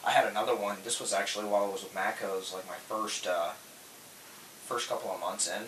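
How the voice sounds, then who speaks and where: A man casually telling stories on a podcast, acting out quoted people with loud, animated bursts. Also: on the low side, brisk. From Florida. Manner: animated, acts out quotes loudly. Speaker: podcast host, tool truck dealer. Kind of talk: casual storytelling chat. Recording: echoey room, distant mic, faint hiss.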